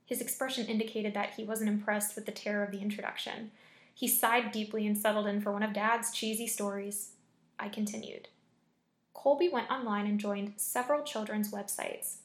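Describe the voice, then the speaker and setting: A woman reading a scary story aloud in a measured, deliberate way. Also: medium pitch. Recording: echoey room.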